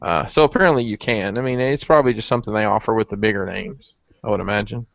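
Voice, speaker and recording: Gravelly low-voiced man, casual host. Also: fast, no room sound. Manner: relaxed, rambling with restarts. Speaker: podcast host. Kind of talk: casual collector chat. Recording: dull lo-fi stream audio.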